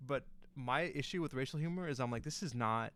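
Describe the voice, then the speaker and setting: A man's voice: mid-range voice, a little fast, fairly bright tone. A young man casually telling a story on a podcast, rambling with lots of fillers and restarts. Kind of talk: casual chat.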